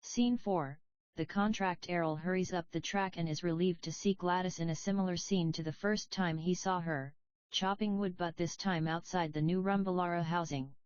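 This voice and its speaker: A woman reading a play's stage directions aloud for an audiobook in a plain, even manner. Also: lowish voice, normal speed, clear, resonant tone, no echo. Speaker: audiobook reader. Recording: slightly dull, dry recording.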